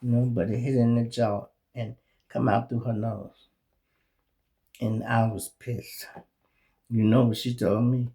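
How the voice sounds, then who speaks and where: A middle-aged Chicago man talks straight to his audience, his voice rough and gravelly at the bottom. He tells street stories in an animated, profane, easygoing monologue at an everyday pitch. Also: a little slow, long pauses. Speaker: show host. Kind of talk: casual storytelling monologue.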